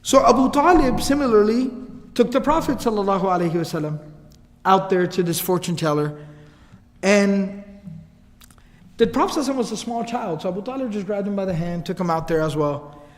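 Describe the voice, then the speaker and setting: A man telling a religious story in a lecture, in a casual, animated way, acting out the quotes. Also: sits high, a little fast, big-room sound. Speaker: Islamic lecturer.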